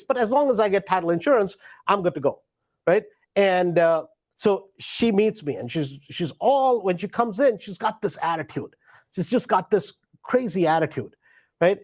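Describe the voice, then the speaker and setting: A middle-aged man, a real estate investor, telling a story in a live stream and animatedly acting out both sides of a conversation. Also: fairly high pitch.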